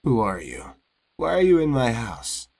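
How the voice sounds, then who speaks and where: A man's voice: mid-range voice, wildly swooping pitch, a little slow, very noisy. A man voicing a startled woman in a game who confronts an intruder in her house. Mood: alarmed. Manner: alarmed, demanding answers.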